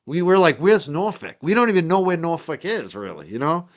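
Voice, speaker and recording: A man's voice: fairly high pitch, very animated, fairly quick. A man from the North Shore of Massachusetts with its accent, hosting a casual livestream in a rambling, chatty way with lots of fillers. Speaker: livestream host.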